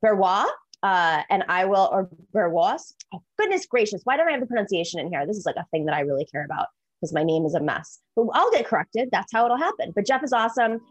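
Animated woman hosting a political talk show. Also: fairly low pitch, fast, breathy edge. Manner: animated, rambling, self-deprecating.

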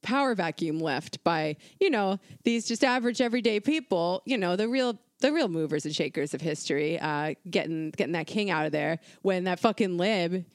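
A woman's voice: on the low side, animated, normal speed, few pauses, smooth, no echo, clean studio sound. A woman co-hosting a casual history podcast, talking in an irreverent, profane, conversational way with plenty of fillers. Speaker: podcast co-host.

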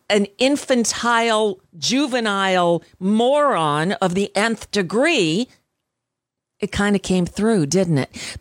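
A woman hosts a talk radio show, mixing news with blunt, sarcastic opinion in a loose, conversational way. Her voice sits at a middle pitch and sounds dry and close to the mic. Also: no echo.

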